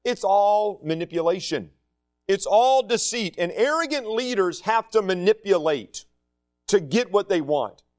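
Male pastor, high-pitched voice, conversational sermon, folksy and unpolished. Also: lively intonation, measured pace. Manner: conversational, folksy asides with restarts. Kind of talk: expository sermon.

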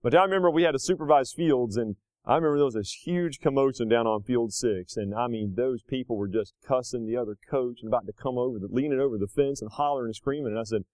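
A man's voice: expressive, no room sound. Man in his thirties preaching. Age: 30s. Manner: swings between loud emphatic peaks and low conversational asides; slows down hard on key phrases. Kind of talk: sermon.

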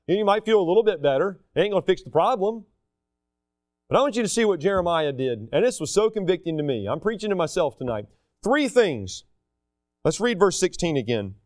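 A man's voice: high voice, no echo, clean studio sound. A man preaching a sermon, talking casually and acting out the people he quotes. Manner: animated, acts out the people he quotes.

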